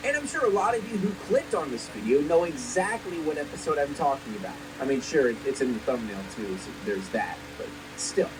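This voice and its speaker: A woman giving scripted commentary on a cartoon in an animated, expressive way, swearing casually. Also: low-pitched, fairly quick, few pauses, a crowd in the background, poor audio.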